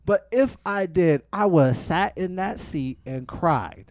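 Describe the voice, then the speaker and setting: A man from Tacoma, Washington, co-hosting a casual podcast chat, animated and swearing freely as he talks over the others. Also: sits high, measured pace, no echo, studio quality. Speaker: podcast co-host.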